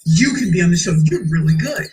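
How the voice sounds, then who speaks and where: A woman mimicking a chirpy, brisk TV producer lady. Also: fairly low pitch, animated, a little mellow, soft background music, close to an everyday voice. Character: brisk female TV booking producer.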